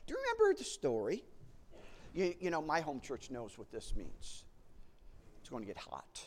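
Animated man preaching a sermon. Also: on the high side, moderate pace, background noise. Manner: animated, repeats and restarts words, acts out panicked voices.

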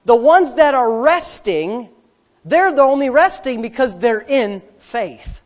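A man pastor preaching a sermon, animated, swinging between loud and hushed, with humorous personal asides. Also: very high-pitched, slow pace.

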